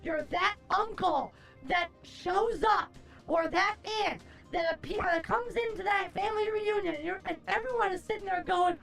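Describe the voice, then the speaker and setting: A woman's voice: extremely high pitch, moderate pace, creaky, fairly bright tone, faint music behind. A woman streamer chatting casually with her viewers, brash and profane, launching into theatrical rants. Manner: theatrical, playful.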